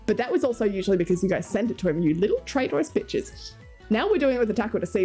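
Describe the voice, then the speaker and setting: A woman's voice: medium pitch, animated, rapid-fire, a little mellow. A young Australian woman streaming, chatting casually with her viewers and reading chat aloud, laughing often. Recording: faint music behind.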